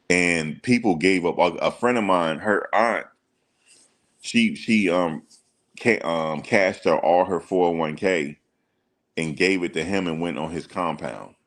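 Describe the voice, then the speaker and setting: Deep-voiced man ranting in casual slang. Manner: emphatic and slangy, with rhetorical questions. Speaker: online commentator. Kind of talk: casual reaction commentary.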